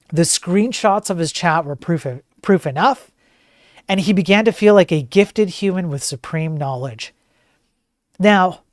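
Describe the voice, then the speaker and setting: A man's voice: high voice, dry recording. Sarcastic male streamer, dry sound. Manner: sarcastic, joking. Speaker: host. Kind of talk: streamed commentary.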